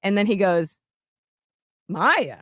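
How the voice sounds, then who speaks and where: A woman co-hosts a casual talk show and tells a personal story with animation, acting out the others in the story. Her voice sits at a medium pitch. The sound is dry and close. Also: a little fast, dry recording. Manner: animated, acts out quotes with shifts in loudness. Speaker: podcast co-host.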